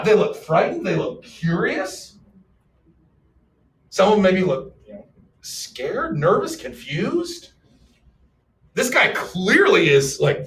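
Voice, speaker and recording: An animated male history teacher lectures his class, his voice riding high and swinging widely in pitch. He jokes and keeps throwing questions out to the room. The sound is echoey and distant, caught from across the classroom with a faint hum underneath. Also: unhurried. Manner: animated, joking, fires off questions. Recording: echoey classroom, mic far off.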